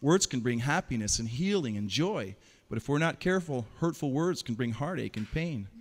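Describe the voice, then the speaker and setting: A man performing an interactive stage show for children, playfully calling out quick commands and teasing his audience. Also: on the high side. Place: large hall. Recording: long hall reverb.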